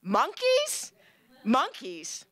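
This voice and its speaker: A wonder-struck grown man, as a woman puts him on, gasping at everything in a hushed, breathy voice, his speech formal and careful. He is pitched well above everyday talk. The sound is close and dry, with no room around it. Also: expressive, a little slow, dry recording. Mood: alarmed. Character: wide-eyed grown man, awestruck and childlike.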